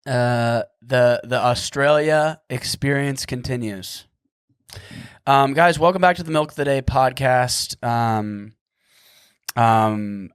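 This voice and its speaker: A man's voice: medium pitch, clean tone, dry recording, clean studio sound. A man in his thirties hosting a solo podcast, goofy and rambling, at times frantic and sarcastic. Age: 30s. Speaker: podcast host.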